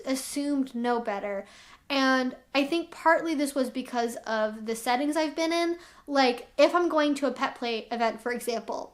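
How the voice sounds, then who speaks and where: A woman's voice: high-pitched, a bit bright. A young woman vlogging to camera as an educator, explaining herself candidly and with lots of "like" fillers. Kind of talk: talking to camera.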